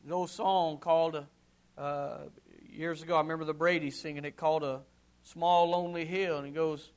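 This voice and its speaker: A man preaching a sermon, swinging from loud ringing calls to hushed low murmurs, with drawn-out emphatic repetition. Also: steady tone, clean tone. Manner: slow, drawn-out emphatic delivery with repeated phrases.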